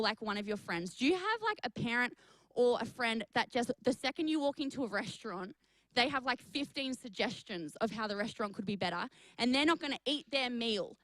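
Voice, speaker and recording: Young woman, youth pastor, upbeat storytelling, slightly high voice, dry close sound. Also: no room sound, rough recording. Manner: energetic, chatty, addresses the chat. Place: studio for an online youth stream.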